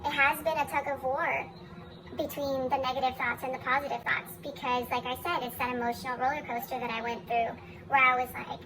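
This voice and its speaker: A young woman vlogger speaks candidly in a personal vlog, blunt and profane with a self-mocking streak. Her high-pitched voice is brisk with fairly even intonation, and the background is noisy.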